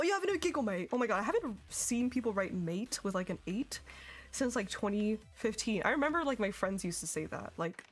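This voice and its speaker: A young woman chatting casually and giggling while streaming a game. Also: medium pitch. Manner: chatty, giggly, reacting to chat. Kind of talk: casual gaming stream chat. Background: faint music.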